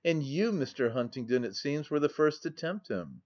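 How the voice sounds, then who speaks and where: A man's voice: fairly high pitch, sing-song, normal speed, a little mellow. Male narrator voicing an indignant young woman, slightly raised, dull lo-fi sound. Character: indignant young lady of the household.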